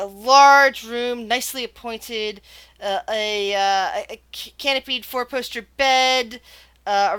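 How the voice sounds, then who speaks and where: Bright-voiced woman running a tabletop game. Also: on the high side, smooth. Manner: chatty, filler-heavy, loose narration. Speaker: game master.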